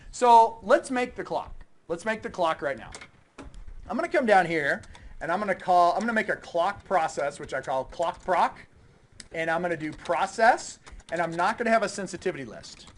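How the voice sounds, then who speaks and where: A man teaching a class, coding live and chatting with his students in a playful, informal way. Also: high voice. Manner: lively, chatty, teasing students. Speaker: university instructor.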